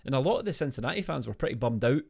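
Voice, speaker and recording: A Scottish man hosts a festive live stream from home, full of banter and quick laughs. His voice swings widely up and down as he jokes with guests and reads comments. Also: medium pitch, very animated, creaky, a little mellow, breathy edge. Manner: jokey, laughs often, Scottish slang. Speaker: podcast co-host. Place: home video call.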